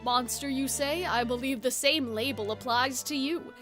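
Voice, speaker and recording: A woman voicing a regal, disdainful man, reading game dialogue aloud in a quiet, measured, cutting way. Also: high-pitched, faint music behind, voice pushed down. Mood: coldly cutting.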